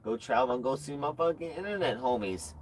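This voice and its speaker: A man's voice: mid-range voice, animated, fairly quick. A man co-hosting a casual livestream outdoors at night, laid-back and easygoing, swearing casually. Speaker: streamer co-host.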